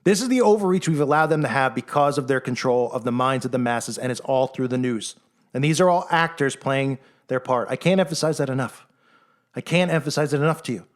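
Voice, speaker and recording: A man giving a sarcastic, animated monologue commentary. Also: medium pitch, brisk. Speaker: online commentator.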